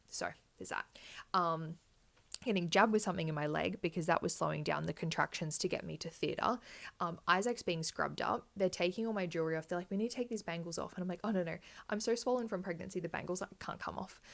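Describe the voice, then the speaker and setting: Candid chatty woman with gravelly voice. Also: lowish voice, fairly bright tone. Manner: candid and chatty, swears freely, many likes. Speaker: vlogger. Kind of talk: casual birth story chat.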